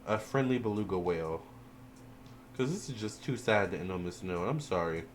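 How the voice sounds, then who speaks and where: A man's voice: deep voice, lively intonation, normal speed, slight background noise. A man giving a casual tarot reading to viewers, chatty and emotional, calling them y'all and child, teary-eyed toward the end. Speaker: tarot reader.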